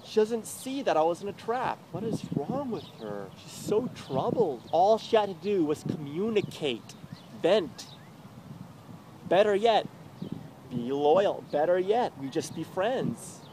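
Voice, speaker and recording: A man's voice: high-pitched, sing-song, unhurried, noisy background. A young man in an emotional confessional rant, agitated and profane, rambling and swinging between muttering and outbursts, recorded outdoors in a city.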